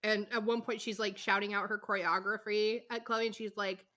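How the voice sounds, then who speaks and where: Bright-voiced woman podcast co-host. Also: medium pitch, moderate pace. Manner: animated storytelling with acted quotes. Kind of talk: casual podcast chat.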